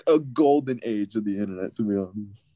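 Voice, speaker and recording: A man's voice: fairly low pitch, fairly quick, mellow. Rambling American podcast guy. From United States. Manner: rambling, lots of fillers and laughter. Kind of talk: casual chat.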